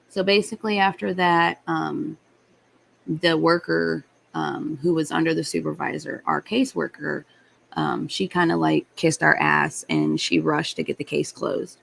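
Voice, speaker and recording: Blunt gravelly-voiced woman venting on stream. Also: sits low, measured pace, slight background noise, poor audio. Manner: blunt, heated, swears freely. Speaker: livestream host. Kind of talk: casual storytelling to live chat.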